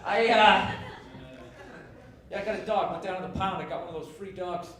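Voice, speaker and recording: Here the comedian's voice is high-pitched and steady, moving a little fast as he delivers a sarcastic, foul-mouthed stand-up rant to a laughing crowd. It's captured in a distant, echoey live recording full of loud noise.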